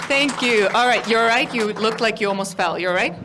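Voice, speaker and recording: A woman from Estonia works the room at a live comedy gig, playfully teasing the audience. Her voice sits fairly high. The stage mic picks up clear room noise. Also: fairly quick. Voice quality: playful crowd work, teasing. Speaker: stand-up comedian. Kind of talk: stand-up comedy.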